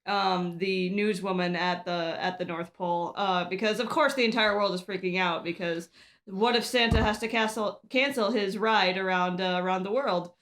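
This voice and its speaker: A woman's voice: medium pitch, fairly even intonation, moderate pace, a bit bright. Woman laughing a lot, casual movie chat, lots of likes and uhs. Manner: giggly, fills talk with "like" and "uh". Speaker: podcast co-host.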